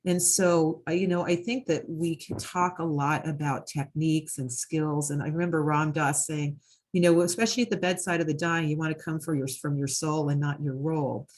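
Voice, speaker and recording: A woman's voice: low voice, steady tone, normal speed, a little mellow. A woman who works in hospice, earnestly telling a story in a conversation, with many fillers. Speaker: hospice worker and host of conversation.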